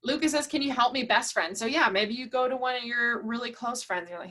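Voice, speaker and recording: A woman's voice: a little high, quick pace, few pauses, bright, forceful tone. A woman running an online workshop, reading out participants' chat replies and cheering them on, saying "y'all" often. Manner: upbeat, encouraging, says "y'all" often. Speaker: workshop facilitator.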